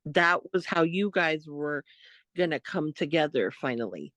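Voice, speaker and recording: A woman co-hosting a podcast, telling a story in a casual, animated way, quoting what others said. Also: sits low, measured pace, no room sound. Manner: animated retelling, quotes others, laughs often. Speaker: podcast co-host.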